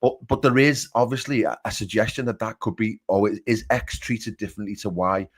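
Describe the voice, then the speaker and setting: Middle-aged guy on a fan panel stream, lowish voice, frank and casual, lots of "i'll be honest". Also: fairly quick, husky. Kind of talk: casual debate.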